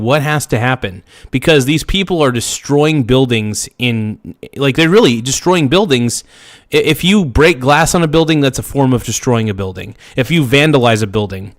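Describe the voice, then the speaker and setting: A man hosting a show, reacting angrily to footage in a heated political rant that keeps repeating itself. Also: mid-range voice. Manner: angry, ranting, repeats himself.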